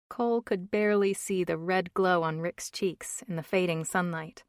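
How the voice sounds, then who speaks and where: A woman narrating a romance audiobook in an even, measured reading. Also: lowish voice, smooth, no echo, clean studio sound. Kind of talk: scripted narration.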